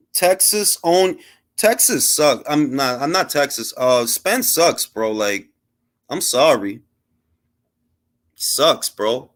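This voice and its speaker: A man with a rather high, fairly bright voice hosts a live boxing talk stream. His casual rant is heated, profane and mocking, mixing street slang with bits of Spanish.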